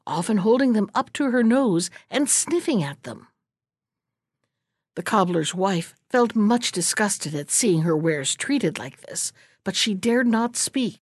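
Slow expressive woman reading a fairy tale. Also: mid-range voice, dry recording, studio quality. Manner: expressive, unhurried. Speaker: storyteller. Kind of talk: storybook read-aloud.

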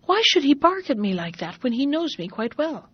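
A woman's voice: high-pitched, big pitch swings, moderate pace, muffled recording, pitched above the performer's own voice. A woman doing a cross old merchant. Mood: exasperated. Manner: exasperated, cross outbursts. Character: angry rich old merchant father, man.

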